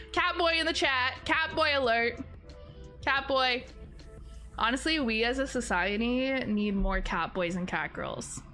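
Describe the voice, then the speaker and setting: A young woman live-streaming, chatting casually to her viewers in a rambling way and breaking into high laughter.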